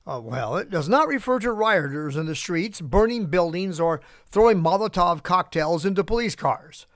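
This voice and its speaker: A man's voice: sits high, animated, normal speed, dry recording, studio quality. A middle-aged man hosting a podcast, reading out an opinion monologue with asides and chuckles. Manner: reads prepared remarks with asides and chuckles. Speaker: podcast host.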